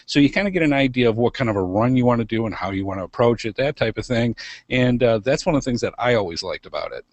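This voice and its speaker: A man co-hosts a podcast in an easygoing, rambling way, pausing often on fillers. His voice is stuffy and nasal from congestion. The sound is dry and close, with no room echo. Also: mid-range voice. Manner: relaxed and rambling, with many fillers. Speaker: podcast co-host. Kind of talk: casual podcast chat.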